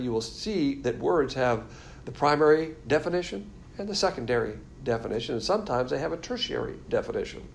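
A man's voice: medium pitch, creaky, a little hiss or hum. A man teaching a Bible lesson from diagrams, explaining in a blunt, emphatic way.

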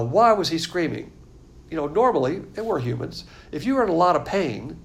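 A man's voice: on the high side, vocal fry, a little hiss or hum. A man preaching a sermon in a blunt, emphatic, conversational way.

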